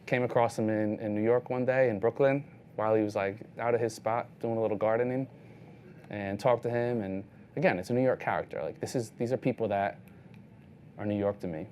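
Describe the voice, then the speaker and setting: A man's voice: on the low side, brisk, darkish tone, a little hiss or hum. A man in his thirties, a street photographer, giving a casual talk full of anecdotes, leaning on "like" as he retells his encounters. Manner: loose storytelling, heavy use of "like", acts out other people's lines.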